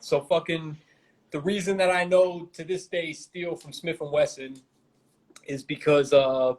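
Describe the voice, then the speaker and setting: Brooklyn-raised man, slightly high voice, loose and profane, spinning stories as an interview guest. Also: rough recording. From Brooklyn, New York. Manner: rambling, heavy swearing, laid-back street slang. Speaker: guest rapper. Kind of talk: casual interview storytelling.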